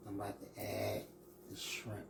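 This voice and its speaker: A man's voice: on the low side, completely flat delivery, normal speed, heavy background noise. A man hosting a casual cooking demonstration in a kitchen, folksy and chatty, talking straight to his viewers and tossing in "boy" as he goes. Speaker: host cooking on camera. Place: kitchen with frying food. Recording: clear frying sizzle behind the voice. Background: sizzling frying food.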